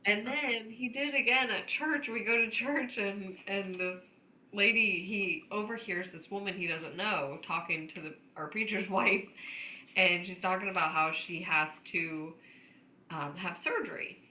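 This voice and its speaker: A woman's voice: medium pitch, measured pace, slight background noise. A woman, co-hosting a podcast and telling funny stories with lots of laughter. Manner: animated, laughing storyteller. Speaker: podcast co-host. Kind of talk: casual chat, storytelling. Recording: roomy echo.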